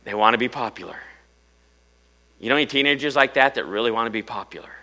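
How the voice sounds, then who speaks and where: Bright-voiced man preaching a sermon. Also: mid-range voice, fast. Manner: animated, rhetorical questions, swings from loud to hushed. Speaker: pastor. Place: church.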